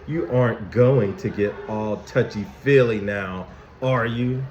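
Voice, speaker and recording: A man voicing Anger, a gruff and growly grumpy emotion character from a children's picture book, read aloud with slow, heavy emphasis. The sound is a bit dull and echoey, as in a plain room with a modest mic. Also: lowish voice, darkish tone, slight background noise.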